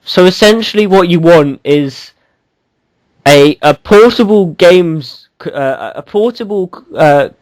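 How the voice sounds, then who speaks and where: A man's voice: high voice, animated, takes it slowly, no room sound, poor audio. A man co-hosting a casual gaming podcast, rambling and teasing, with lots of ums and restarts. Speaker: podcast co-host.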